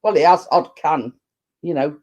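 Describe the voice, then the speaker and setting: Low-pitched and a little mellow, slightly rough, with the highs cut off, this middle-aged vlogger talks at normal speed. Reading viewer comments during a casual live chat, she wanders along, repeating herself and laughing.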